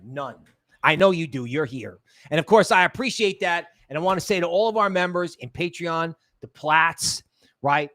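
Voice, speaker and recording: A man hosts a casual livestream in a slightly high voice. He rambles and jokes, often sinking into quiet low asides. The sound is close and dry. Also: lively intonation, normal speed, dry recording. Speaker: crypto livestream host.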